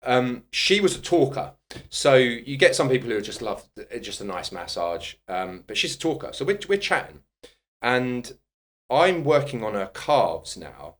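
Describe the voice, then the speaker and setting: Animated man telling a story. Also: medium pitch, measured pace. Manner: animated, swearing, laughing storyteller. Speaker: podcast guest, personal trainer. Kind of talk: casual anecdote telling.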